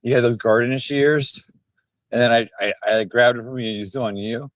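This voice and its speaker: A man's voice: medium pitch, fairly even intonation, normal speed, no room sound. A tipsy man live streaming while walking outdoors, rambling and bantering rowdily with his chat on a handheld phone. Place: outdoors on town streets.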